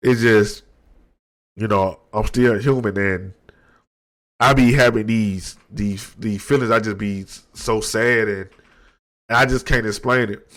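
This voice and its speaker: A man in his thirties talking slowly and candidly into the mic at his desk, reflective and low-key, with slang and many restarts. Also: a bit bright. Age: 30s. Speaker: podcast host. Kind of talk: candid personal monologue.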